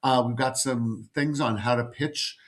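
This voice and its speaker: Middle-aged male agent, direct-to-camera teaching, insistent repeated phrasing, medium pitch. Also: fairly even intonation, a little slow. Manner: emphatic, repetitive, speaks straight to the viewer. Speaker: literary agent giving advice. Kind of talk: direct-to-camera educational talk.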